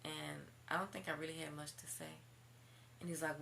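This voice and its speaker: A woman vlogger candidly telling a personal story to her viewers, animated and sassy, with casual swearing. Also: low-pitched, normal speed, vocal fry, slight background noise. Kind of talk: storytime vlog.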